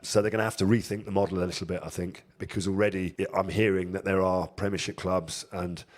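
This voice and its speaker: A man co-hosting a podcast, asking quick-fire questions in a relaxed, jokey way. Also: low voice. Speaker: podcast co-host. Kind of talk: casual quick-fire interview chat.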